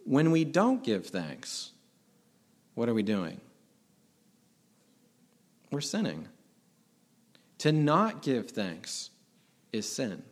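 A man's voice: mid-range voice, huge pitch swings, drawn-out words, long pauses. Middle-aged male pastor, mid-range voice, earnest and emphatic sermon delivery. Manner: earnest, emphatic preaching with rhetorical questions.

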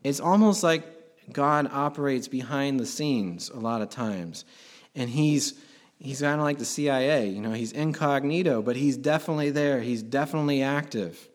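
A man's voice: mid-range voice, moderate pace. A man preaching a sermon as pastor, talking conversationally and swelling to emphatic bursts.

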